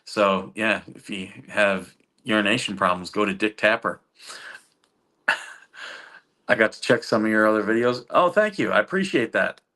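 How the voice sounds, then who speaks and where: A man's voice: on the low side, unhurried, pauses often, sharp tone. A middle-aged man hosting a livestream, chatting casually with viewers and rambling through stories with frequent chuckles and fillers. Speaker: livestream host reading chat.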